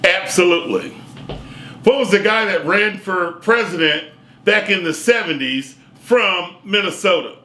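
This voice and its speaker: A man's voice: high-pitched, measured pace, pushed and bright. A middle-aged man co-hosting a talk show, folksy and exuberant, forever saying "man" and "I'm telling you". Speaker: co-host and sports super fan. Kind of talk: casual talk show banter. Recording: echoey room.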